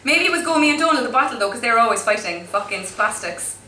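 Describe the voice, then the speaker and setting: A woman's voice: a little high, lively intonation, quick pace, bright, forceful tone, reverberant, distant mic, slight background noise. A woman voicing a brash, drunk teenage girl with a real Cork City accent, rambling and swearing through flash fiction. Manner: swaggering, swearing, rambling storytelling. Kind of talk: flash fiction read aloud.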